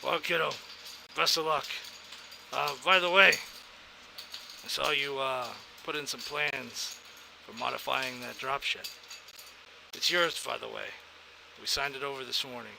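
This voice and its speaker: A man's voice: mid-range voice, steady tone, measured pace, gravelly, long pauses, noisy background. A man in casual in-character role-play as a veteran contact, easygoing and fatherly.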